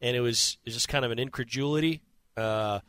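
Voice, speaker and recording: A man's voice: mid-range voice, fast talker, a bit bright, clear, resonant tone. A man co-hosting a casual sports chat, reflective and adding context. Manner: reflective, adds context and history.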